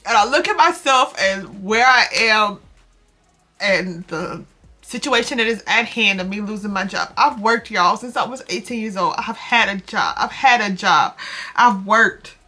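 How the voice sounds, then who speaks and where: A young woman speaks straight to her viewers in a bright, forward voice. She is close to tears, restarts her sentences and repeats herself, and calls her viewers y'all. Faint music plays quietly underneath her. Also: mid-range voice, measured pace. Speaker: vlogger. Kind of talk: emotional confessional vlog.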